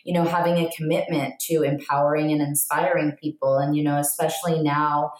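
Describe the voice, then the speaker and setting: A woman who works as an empowerment coach, speaking as a podcast guest in a reflective, soft-spoken way. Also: deep voice, flat delivery, fairly quick, roomy sound, rough recording. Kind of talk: candid podcast conversation.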